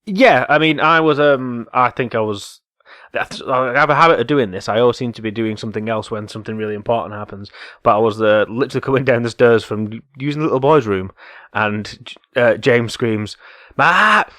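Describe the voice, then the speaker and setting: A man's voice: mid-range voice, a little fast, fairly bright tone, no room sound, studio quality. A man co-hosting a football podcast, telling casual anecdotes with hesitant fillers. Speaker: podcast co-host.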